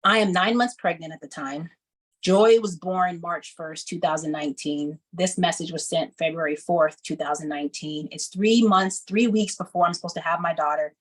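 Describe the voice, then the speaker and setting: Animated woman telling her life story. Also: on the low side, normal speed, rough recording. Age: 30s. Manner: animated storytelling, acting out quoted people. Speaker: speaker. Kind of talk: personal story told to an audience.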